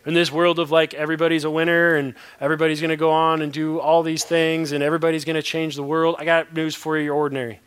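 A man's voice: a little high, level tone, fast, few pauses, fairly bright tone, clean tone. A male pastor preaching a sermon in short, punchy, repeated phrases with playful asides.

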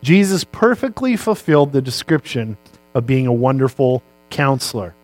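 A man's voice: mid-range voice, sing-song, normal speed, a little mellow, no echo, low-quality recording. A male pastor giving a sermon in a conversational way, posing rhetorical questions and answering them himself.

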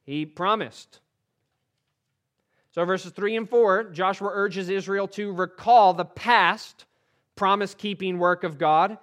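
A man preaching a sermon, reading scripture with emphasis and dropping to a quieter, earnest tone to urge his listeners. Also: high-pitched, slow pace. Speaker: pastor.

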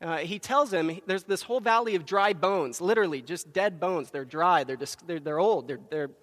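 A man's voice: high-pitched, moderate pace, fairly bright tone, long reverb tail. A man preaching a Sunday sermon into a microphone in a church, telling Bible stories with emphasis and acting out the quotes. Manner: storytelling with acted quotes, emphatic. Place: church sanctuary.

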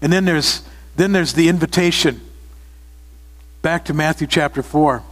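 A man's voice: a little high, unhurried. Earnest male preacher in a reverberant hall. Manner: earnest, repeats phrases for emphasis, asks the congregation questions. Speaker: pastor. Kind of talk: sermon.

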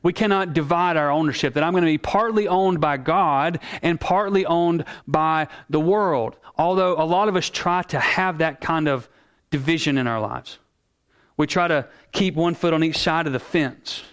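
A male pastor preaching a sermon in an earnest, emphatic way, slowing down to stress key words. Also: fairly high pitch, fairly bright tone, smooth.

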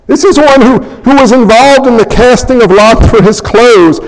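High-voiced preaching man in a reverberant hall. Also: normal speed. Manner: animated preaching, acting out scenes and voices. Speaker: pastor. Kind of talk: sermon.

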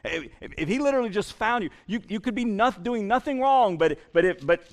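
A male pastor preaching a sermon in an animated way, repeating words as he builds each point. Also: sits high, fairly quick.

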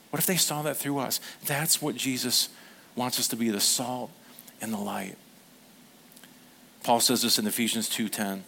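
Male pastor, sermon delivery, earnest and animated, slips into playful quoted voices. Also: medium pitch, creaky. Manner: earnest, gets emotional.

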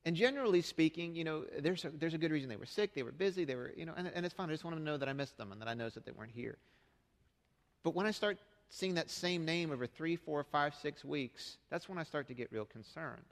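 A man's voice: a little high, animated, fast, in a large hall. A middle-aged man preaching a sermon as pastor, speaking conversationally and asking the congregation rhetorical questions. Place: church sanctuary.

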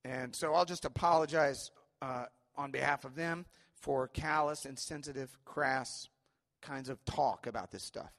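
In a church sanctuary with a long reverb tail, a male pastor preaches a sermon at an unhurried pace. His voice sits at medium pitch with a fairly bright tone, and he talks earnestly and conversationally, using frequent fillers and checking in with the congregation.

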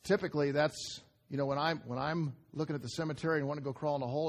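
Male pastor, slightly higher voice, conversational sermon delivery with rhetorical questions and hushed asides. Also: racing, hardly any pauses. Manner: swings between raised emphasis and quiet low asides.

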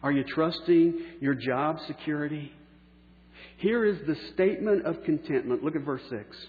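A pastor preaching a sermon, slowing down for key phrases and letting line endings trail off softly. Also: male voice, on the high side. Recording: echoey hall on a tinny phone-like line.

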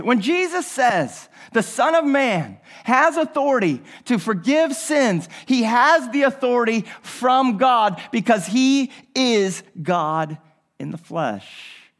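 High-voiced man preaching a sermon. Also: sing-song, slow pace, a bit bright. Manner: preaching, repeats phrases, asks the listeners rhetorical questions. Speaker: pastor.

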